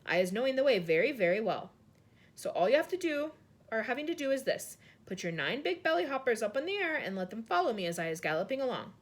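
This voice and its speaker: A woman's voice: fairly high pitch, sing-song, quick pace. A woman voicing a friendly male giant who mangles his words, reading aloud from a storybook. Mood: cheerful. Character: big friendly male giant, jumbled grammar.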